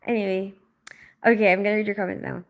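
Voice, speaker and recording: A young adult woman who grew up in the Philippines, hosting a casual livestream and chatting quickly with many fillers and laughs while reading out comments. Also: mid-range voice, steady tone. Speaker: livestream host, operating room nurse.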